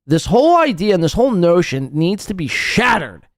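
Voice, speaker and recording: A man's voice: sits high, big pitch swings, normal speed, no echo, clean studio sound. A man hosting a live podcast, reacting to clips with sarcastic, profane mockery. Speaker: podcast host.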